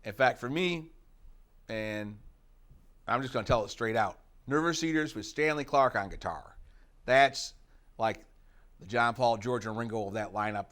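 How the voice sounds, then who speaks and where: A middle-aged man from the United States talks casually in an interview. He rambles, breaking off for fillers and asides. His voice sits at an ordinary male pitch. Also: moderate pace, pauses often, a bit bright. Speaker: interviewee, rock guitarist.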